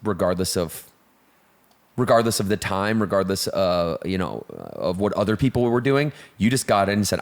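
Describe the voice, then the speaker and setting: A man's voice: sits low, expressive, moderate pace. A man co-hosting a casual fitness talk show, telling a story with lots of fillers and restarts. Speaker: co-founder and co-host. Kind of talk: casual podcast chat.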